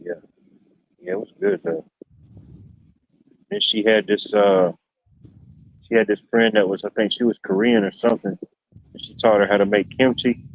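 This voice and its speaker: A man's voice: on the low side, fairly even intonation, normal speed, pauses often. A man hosting a livestream, rambling casually with lots of fillers. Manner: rambling, laid-back storytelling with many fillers. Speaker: livestream show host. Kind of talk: casual chat. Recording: dull lo-fi stream audio.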